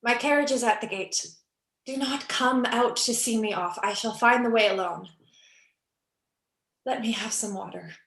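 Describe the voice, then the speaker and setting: A woman reading the part of a weary, heartsick young actress in a cold reading over a video call, wistful and shifting between hushed and urgent. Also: a little high, normal speed, vocal fry, long pauses. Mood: agitated. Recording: echoey room on a video call.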